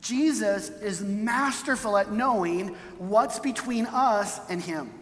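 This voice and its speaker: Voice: mid-range voice, slow pace, a bit bright. Casual, chatty preacher, mid-range voice, long reverb of a large hall. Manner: conversational, tags points with "right?"; acts out quoted voices for emphasis. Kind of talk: sermon.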